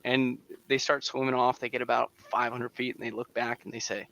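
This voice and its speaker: Brief: male panel guest telling a joke, keeps checking in; forceful, bright voice, dry lo-fi line. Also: mid-range voice, little pitch movement, brisk, hardly any pauses, no room sound.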